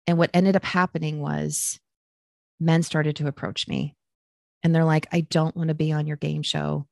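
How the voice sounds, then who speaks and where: A Midwestern woman who works as a matchmaker tells her story as a guest in a casual podcast chat, animatedly acting out the quotes with a raised pitch. Her voice is creaky at a moderate pace, recorded studio-clean with no room sound.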